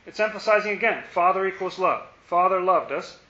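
A man with a somewhat high voice leads an informal Bible study, thinking aloud and posing rhetorical questions. The recording is roomy and muffled. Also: animated, brisk, bright, forceful tone.

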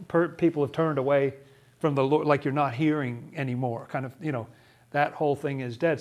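A man leading a casual Bible study, chatty and wry, often laughing. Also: mid-range voice.

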